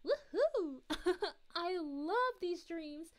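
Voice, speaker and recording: A woman voicing a gentle, motherly cosmic princess, chatting sweetly and giggling as she reads chat messages on a live stream. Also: extremely high pitch, lively intonation, extremely slow, heavily acted. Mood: cheerful. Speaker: VTuber streamer.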